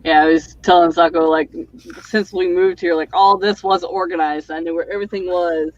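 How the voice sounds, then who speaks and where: A woman's voice: lowish voice, fairly even intonation, normal speed, no echo, dull audio. A woman hosting a writing livestream, chatting casually and rambling with lots of fillers over a video call. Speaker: livestream host and author.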